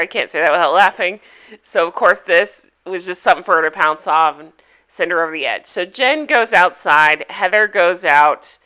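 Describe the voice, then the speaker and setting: Bright, chatty woman recapping gossip. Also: medium pitch, clear, resonant tone. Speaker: reality TV recap host. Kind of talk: casual recap vlog.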